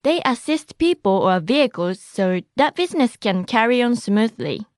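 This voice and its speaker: A woman with a fairly high voice models phrases for a language lesson, pronouncing each one slowly and deliberately before saying it again. The recording is dry and close, with no room sound. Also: big pitch swings, dry recording. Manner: clear, deliberate delivery, repeats each phrase twice. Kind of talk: slow, careful pronunciation drills.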